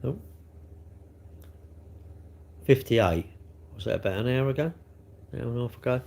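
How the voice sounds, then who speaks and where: A man's voice: mid-range voice, normal speed, creaky, darkish tone. Chatty South London man in his sixties. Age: 60s. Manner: rambling, chatty, full of tag questions. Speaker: livestream host. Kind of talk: casual livestream chat reading comments.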